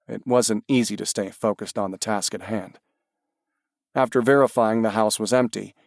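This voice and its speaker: A man reading an audiobook in an even, measured manner. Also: fairly low pitch, dry recording, clean studio sound. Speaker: audiobook narrator. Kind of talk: scripted audiobook narration.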